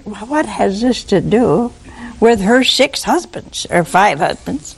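A woman preaching a sermon, animated and full of rhetorical questions to her listeners. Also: medium pitch, slow pace, creaky, slightly rough.

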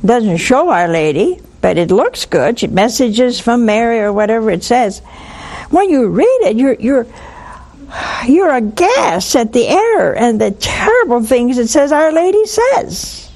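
A woman's voice: a little high, measured pace. An older woman giving spoken religious teaching on a call-in show, acting out little dialogues as she talks. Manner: lively, acts out little dialogues. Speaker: nun hosting a call-in show.

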